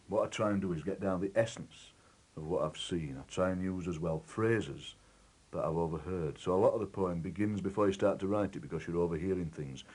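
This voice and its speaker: A poet chatting in a lively, musing way about how he builds a poem. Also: low-pitched, breathy edge. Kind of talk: explaining how he writes a poem. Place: outdoors at a football match.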